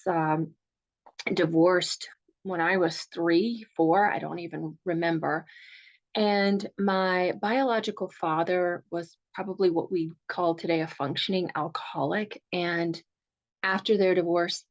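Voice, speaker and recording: Southern woman leading a calm workshop. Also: mid-range voice. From rural Virginia. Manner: soft, calm, guiding; earnest, personal storytelling. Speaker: divorce coach. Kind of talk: guided meditation and workshop talk.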